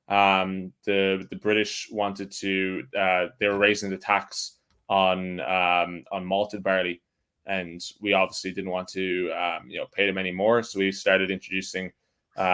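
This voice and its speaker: A man's voice: low voice, fairly bright tone, smooth. An Irish man from Ireland, a distillery guest talking casually and hesitantly with many fillers and restarts. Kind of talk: casual interview chat.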